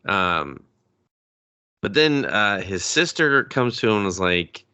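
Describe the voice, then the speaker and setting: A man's voice: lowish voice, slow, clear, resonant tone. A man co-hosting a movie review podcast, casually retelling scenes and acting out lines with swearing and laughter. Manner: animated retelling with voiced quotes, swearing, laughing. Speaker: podcast co-host.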